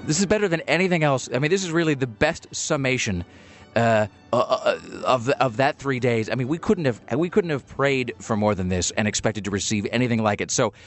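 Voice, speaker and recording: A man's voice: mid-range voice, fairly quick, faint music behind. A man hosting a radio show, chatting casually and reading a listener's letter, with many fillers. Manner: animated, lively delivery with many fillers.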